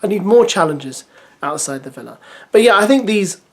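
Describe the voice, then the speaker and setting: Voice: mid-range voice, animated, moderate pace. A reality TV recap host reading a press release aloud and giving casual, opinionated commentary.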